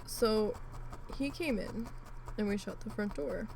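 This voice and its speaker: A woman vlogger telling a rambling, animated story in a casual chat while she crafts, with asides and mild swearing. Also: medium pitch, slow, gravelly, a little hiss or hum, low-quality recording.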